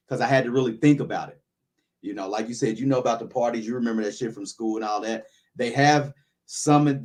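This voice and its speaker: Male host, casual opinion chat, rambling with frequent restarts, middle pitch. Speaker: YouTuber, podcast host.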